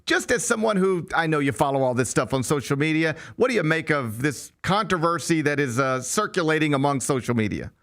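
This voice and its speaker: Male sports talk host, chatty and argumentative, higher-pitched. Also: lively intonation, brisk, hardly any pauses, a bit bright. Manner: conversational, argues points at length.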